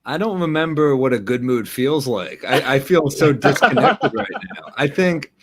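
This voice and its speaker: A man guest in a casual comedy chat, talking in a dry, halting way. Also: mid-range voice, lively intonation, slight background noise.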